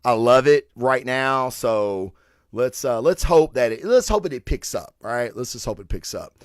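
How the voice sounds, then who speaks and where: A man hosting a comic book show, chatting casually in an excitable, rambling way with plenty of swearing and filler words. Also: mid-range voice, normal speed, dry recording, studio quality. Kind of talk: casual solo review chat.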